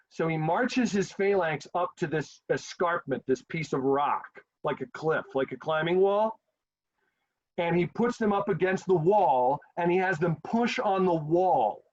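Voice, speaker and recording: Male history teacher, storytelling lecture, slightly high voice, muffled lo-fi audio. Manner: animated, acts out quotes in a casual voice. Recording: dull lo-fi sound.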